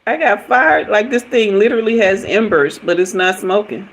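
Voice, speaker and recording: A woman's voice: mid-range voice, moderate pace, poor audio. A woman doing a live tarot reading, chatty and hyper, laughing often and talking to her viewers. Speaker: tarot reader.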